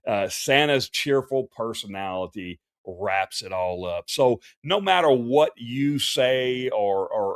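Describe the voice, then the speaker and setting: A man's voice: on the low side, no room sound, clean studio sound. A man, a professional Santa performer hosting a casual livestream Q&A, talking in a folksy, chatty way with many fillers and restarts.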